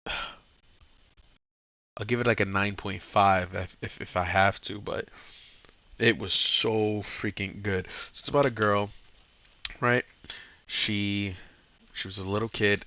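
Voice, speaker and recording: A man's voice: lowish voice, bright, forceful tone, muffled recording. A man hosting a casual comic book review, talking loosely and swearing often. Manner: loose and profane, keeps saying "bro".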